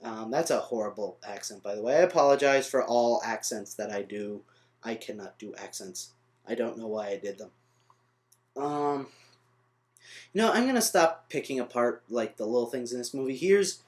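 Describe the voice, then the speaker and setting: A young man with a medium-pitched, slightly mellow voice rants in an unscripted vlog reviewing a film. Frustrated, he rambles, trails off on tangents, and corrects himself as he goes.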